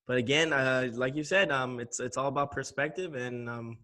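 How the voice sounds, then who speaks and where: Bright-voiced young man hosting. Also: medium pitch, normal speed. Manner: relaxed, laughs easily, many fillers. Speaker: host. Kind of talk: casual chat.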